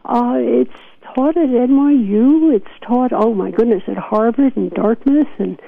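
A woman's voice: a little high, unhurried, gravelly. An older woman physician with a New York accent, telling stories earnestly in an interview and laughing often. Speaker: physician guest. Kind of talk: reflective interview talk. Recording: dry tinny phone line.

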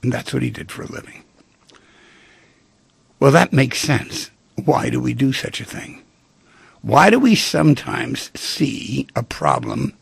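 A male radio host with a heavily gravelly, husky voice speaks from a dry studio mic. His pitch rises and falls in a lively, animated way as he tells stories and acts out the people in them. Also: dry recording. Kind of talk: radio talk monologue.

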